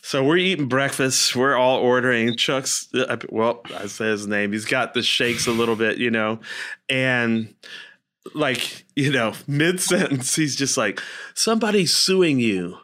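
A man's voice: mid-range voice, a little slow, pushed and bright. A man co-hosting a casual talk, telling a story and acting out the quotes with big jumps in his voice.

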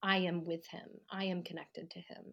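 A woman's voice: fairly low pitch, normal speed, vocal fry, dull audio. Reflective woman telling her story. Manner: reflective, acts out quoted voices with lively rises. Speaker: podcast guest, actor and writer. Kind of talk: personal storytelling in an interview. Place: at home, living room.

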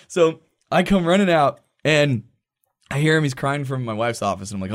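A man in his thirties co-hosting a podcast, telling a story in a casual, animated way, acting out quoted voices and swearing freely. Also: medium pitch, quick pace. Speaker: podcast co-host. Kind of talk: casual storytelling among friends.

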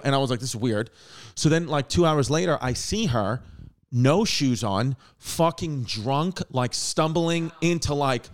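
Picture a man hosting a comedy-style podcast who rambles through a story with lots of "like" and "I was like". He acts out the quotes with a lot of swearing, at an ordinary middle pitch. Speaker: podcast host. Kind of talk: casual storytelling.

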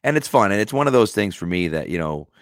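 A man co-hosting a casual sports podcast, explaining things in a relaxed way and often asking "right?". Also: fairly low pitch, fast talker, no echo, clean studio sound. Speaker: podcast co-host. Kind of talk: casual chat.

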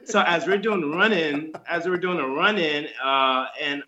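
A man in his thirties, a former wrestler guest chatting casually and acting out stories with lively voices. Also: fairly high pitch, normal speed, highs cut off. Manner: animated storyteller, acts out quotes with voices. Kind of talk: casual interview chat.

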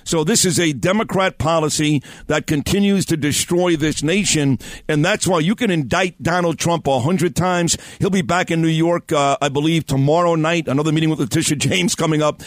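A man's voice: fairly high pitch, normal speed, dry recording, clean studio sound. Fervent male talk radio host. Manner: fervent, opinionated. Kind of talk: political talk radio conversation.

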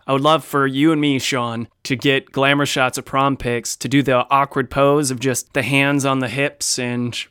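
A man co-hosting a casual podcast chat, playful and jokey with animated asides. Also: medium pitch, normal speed, hardly any pauses, clean tone, no echo, clean studio sound. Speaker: podcast co-host.

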